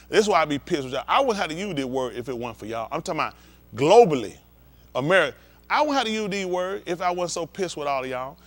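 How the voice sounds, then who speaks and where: A man with a rather high voice preaches in a blunt, heated, profane way. He talks straight at the congregation and acts out scenes with volunteers as he goes. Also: fairly bright tone. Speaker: pastor.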